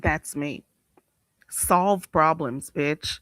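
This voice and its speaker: A woman's voice: lowish voice, normal speed, dry recording. Blunt, sassy woman livestream host. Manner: blunt and sassy, with lots of "baby" and "you hear me"; animated, swinging between loud outbursts and laughter. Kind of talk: casual livestream chat with viewers.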